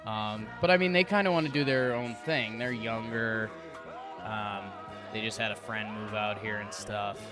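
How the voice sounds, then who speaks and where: A man's voice: fairly low pitch, normal speed, over music. A man co-hosting a casual podcast chat, dry and teasing in his jokes. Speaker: podcast co-host. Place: home.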